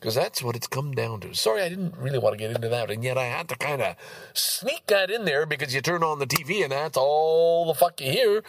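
A man in his sixties from Canada, talking in a rambling, profane monologue that swings between loud outbursts and low muttering. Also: animated, a little fast, no room sound. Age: 60s. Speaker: vlogger. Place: outdoors in a park.

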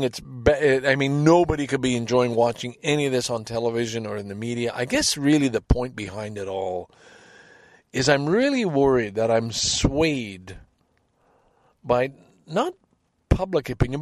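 A man's voice: mid-range voice, no echo. Man, from Canada, podcast host, casual solo monologue, rambling, candid, dry close sound. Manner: rambling, candid, frequent restarts and swearing.

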